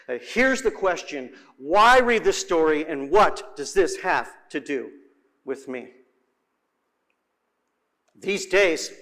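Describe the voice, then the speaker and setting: A man's voice: high voice, a bit bright. A man preaching a sermon in a dramatic way, repeating words for emphasis.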